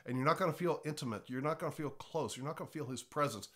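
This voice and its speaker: A man's voice: a little high, fast, a bit bright. Pastor guy teaching, kinda congested, earnest and chatty, keeps restarting words. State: slightly congested voice. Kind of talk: informal teaching talk.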